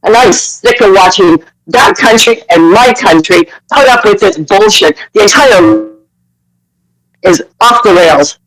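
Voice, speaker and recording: A woman's voice: medium pitch, animated, measured pace, fairly bright tone, low-quality recording. A woman from Canada calling in to a live audio chat room, ranting heatedly with swearing and apologizing in between. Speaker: caller.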